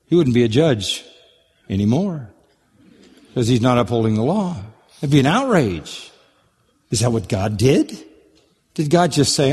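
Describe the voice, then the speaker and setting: A man preaching with fervor, his voice climbing high on key words and then dropping low and quiet. He breaks into mock dialogue to press his point. The long reverb of a large church sanctuary trails after every phrase. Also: animated, normal speed, breathy edge. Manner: impassioned, sweeping pitch swings, mock dialogue asides. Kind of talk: sermon.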